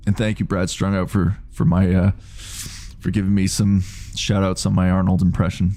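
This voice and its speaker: A man's voice: low-pitched, little pitch movement, moderate pace, mellow, slight background noise. A man in his late thirties chatting casually on a game live stream, rambling, swearing freely and reading out chat messages. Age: 30s.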